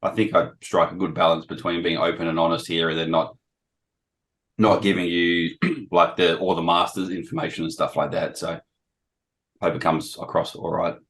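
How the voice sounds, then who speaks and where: Guy with a deep voice losing it, keeps clearing his throat, casual talk over a call. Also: level tone, moderate pace, fairly bright tone, low-quality recording. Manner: frequent throat-clearing, self-deprecating. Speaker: guest trader sharing experience. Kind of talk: casual presentation on a video call. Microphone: video call.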